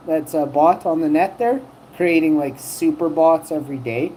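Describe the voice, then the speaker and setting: A woman hosts a livestream, rambling from topic to topic and joking with the chat. Her voice sits low and mellow, with a faint hum of air conditioning behind her. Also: animated, moderate pace, rough recording. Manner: rambling, joking, teasing chatters. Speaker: livestream host. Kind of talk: rambling live-chat banter.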